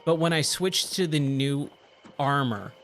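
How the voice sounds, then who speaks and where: A man's voice: a little high, unhurried, fairly bright tone, slight background noise. A man chatting casually on a gaming livestream, easily amazed and thanking viewers, with faint game music behind.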